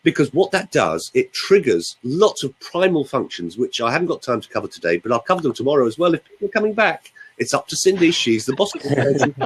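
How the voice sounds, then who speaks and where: A man's voice: mid-range voice, very animated, quick pace, few pauses, a little hiss or hum, low-quality recording. An older man, a voice coach explaining and demonstrating voice technique in a theatrical way on a radio show. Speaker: voice coach guest.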